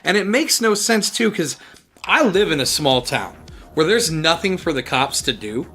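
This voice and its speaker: A man's voice: fairly high pitch, big pitch swings, normal speed, sharp tone, breathy edge. A young adult man co-hosting a podcast, joking in casual chat and laughing often. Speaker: podcast co-host.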